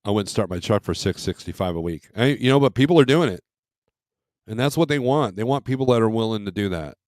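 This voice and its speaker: A man's voice: lowish voice, lively intonation, quick pace, a little mellow, no room sound, clean studio sound. A man hosting a casual trucking livestream, rambling as he reads load listings aloud and comments on them. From Michigan.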